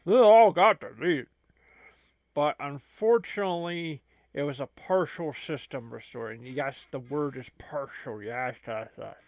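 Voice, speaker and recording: A man's voice: medium pitch, measured pace, vocal fry, dry recording. A man hosting a gaming channel, rambling and stammering through an improvised comedy skit. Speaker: channel host.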